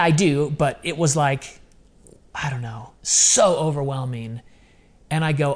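A man's voice: on the high side, unhurried. A man in his fifties telling a personal story in a casual, earnest way, often acting out what he said. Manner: earnest, animated, quoting himself.

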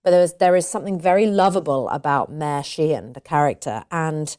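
An actress talking casually as an interview guest, animated, laughing often and restarting her sentences. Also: deep voice, fairly quick.

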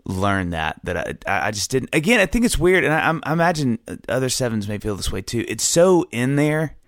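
A man in casual conversation, telling lively stories and acting out the voices of the people in them. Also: medium pitch, a little fast, dry recording, clean studio sound. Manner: animated storyteller, acts out quoted voices.

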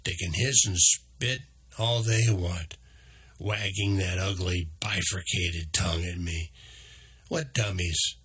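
A man's voice: fairly even intonation, takes it slowly, pushed and bright, breathy edge, heavily acted. A man putting on Eddie, a boastful Australian emu. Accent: slight Australian. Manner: proud, mocking, raised pitch. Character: intelligent male emu, curious and boastful.

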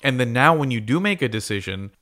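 A man's voice: mid-range voice, animated, fairly quick, sharp tone. A man hosting a podcast, talking through ideas in a conversational, storytelling way with frequent restarts. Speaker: podcast host. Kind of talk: explanatory podcast monologue.

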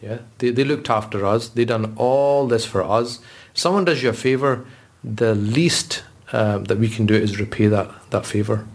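A man's voice: lowish voice, moderate pace. A man, a religious scholar, talking earnestly in a podcast conversation, telling stories with frequent restarts. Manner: earnest, storytelling, with repeated restarts.

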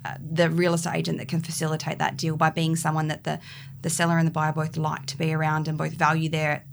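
Low, gravelly-voiced young woman. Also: completely flat delivery, fast, slight background noise. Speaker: real estate agent. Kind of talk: podcast interview.

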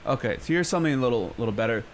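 A man's voice: medium pitch, animated, very fast, slight background noise. Profane stammering young man ranting. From San Francisco. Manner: profane, exasperated, stammering rant. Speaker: radio host. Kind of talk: ranting radio commentary. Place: radio studio.

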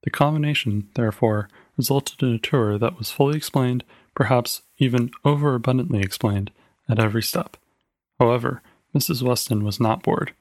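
A man narrating a short story in a measured, clear reading. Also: mid-range voice, a little mellow, no echo.

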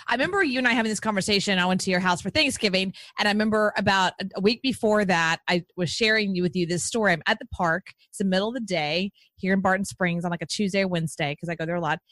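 A woman hosting a podcast, chatting in a bubbly, excitable way with lots of restarts. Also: mid-range voice, fast talker, hardly any pauses, no echo. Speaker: podcast host. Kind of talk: casual interview chat.

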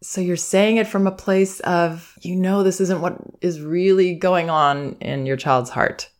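A woman parenting educator giving calm, reflective advice in a monologue, sometimes acting out soothing phrases meant for a child. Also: on the low side, measured pace. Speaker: parenting educator and podcast host.

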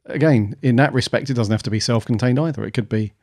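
A man's voice: medium pitch, fast, mellow, no echo, studio quality. Rambling man, podcast co-host. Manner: musing, rambling with um and uh fillers. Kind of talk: casual chat.

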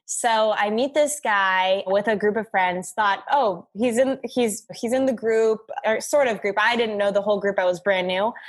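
A young woman tells stories as a podcast guest. She talks in a bubbly, goofy way and laughs often. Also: fairly high pitch. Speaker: podcast guest, app founder. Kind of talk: casual interview storytelling.

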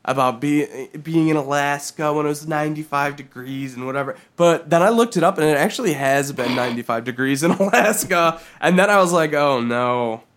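A man in casual comedic chat, profane and animated, often dropping into silly put-on voices. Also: fairly high pitch, fairly quick, few pauses.

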